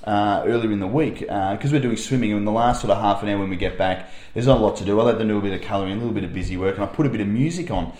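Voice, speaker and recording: A man's voice: on the low side, rapid-fire, few pauses, roomy sound. A young Australian man, a primary school teacher, telling a rambling anecdote on a chat podcast with lots of fillers. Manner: rambling, animated storyteller with fillers.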